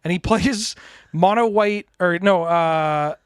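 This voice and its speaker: A man's voice: high voice, takes it slowly, clear, resonant tone, dry recording. Laughing storytelling man, dry studio mic. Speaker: podcast co-host. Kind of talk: casual chat. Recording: dry close studio sound.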